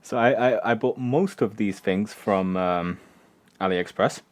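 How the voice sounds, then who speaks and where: A man hosting a casual live stream from his home workshop, rambling and halting with many fillers. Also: lowish voice. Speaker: streamer and electronics maker.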